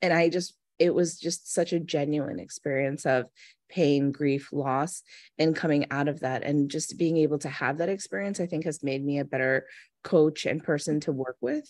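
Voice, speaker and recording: A woman's voice: low-pitched, moderate pace, a little mellow, no room sound, clean studio sound. A woman in her thirties, a manifestation coach, telling a personal story in an earnest, chatty way during an interview. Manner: earnest, storytelling, acts out quoted voices. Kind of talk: casual interview conversation.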